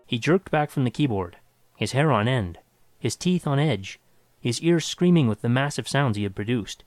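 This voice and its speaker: A man reading a science fiction story aloud with dramatic, expressive narration. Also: medium pitch, normal speed, faint music behind.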